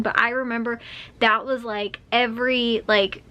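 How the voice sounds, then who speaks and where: A woman's voice: fairly high pitch, fairly even intonation, unhurried, sharp tone. A young woman chatting casually in a home vlog, rambling with lots of fillers and repeats. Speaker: vlogger. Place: home at night.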